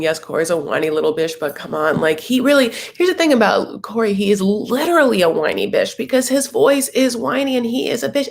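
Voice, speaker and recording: Recapping a reality show from home while sitting cross-legged, a man keeps up campy, chatty commentary and calls the viewer honey. His high-pitched voice is gravelly and animated, brisk with few pauses.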